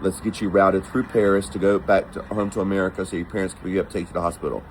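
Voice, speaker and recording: A man's voice: low-pitched, flat delivery, fast, slight background noise, natural voice, low-quality recording. A man quoting his friend, who urgently takes charge and reassures him. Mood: reassuring. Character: urgent young male friend taking charge.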